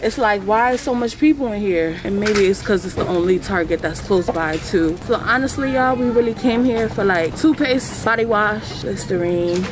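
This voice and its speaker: A woman's voice: medium pitch, moderate pace, hardly any pauses. A young woman vlogging to a handheld camera, chatting casually and slangily to her viewers while walking through a busy store. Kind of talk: casual vlog chat to camera. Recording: noisy store with crowd chatter. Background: store crowd noise.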